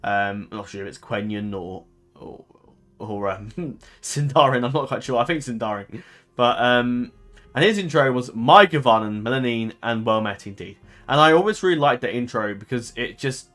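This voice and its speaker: A man's voice: medium pitch, a bit bright. A man hosting a gaming channel, chatting casually to his viewers in a rambling, hesitant way, often correcting himself and filling gaps with ums.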